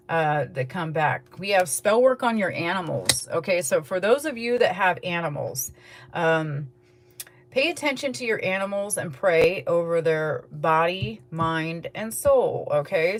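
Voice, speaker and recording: A woman giving a casual, rambling tarot reading to her viewers, chatting in a relaxed way and yawning now and then. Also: on the low side. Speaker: tarot reader.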